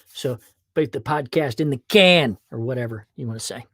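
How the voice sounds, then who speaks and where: Man, podcast host, casual and playful, animated asides, dry close recording. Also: mid-range voice, normal speed, dry recording. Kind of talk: casual livestream chat and podcast monologue.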